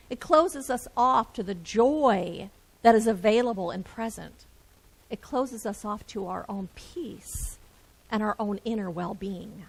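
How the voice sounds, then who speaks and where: Slow-speaking woman minister. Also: fairly high pitch, poor audio. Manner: gentle, reflective, repetitive phrasing. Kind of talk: sermon.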